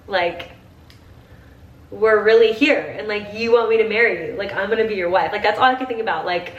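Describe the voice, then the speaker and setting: A woman's voice: medium pitch, fairly quick, recorded from a distance, muffled recording. Young woman, 20s, chatty get-ready-with-me vlogger; gushing, filler-heavy, teary; roomy room sound. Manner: chatty, gushing, says "like" constantly. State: teary, crying at times.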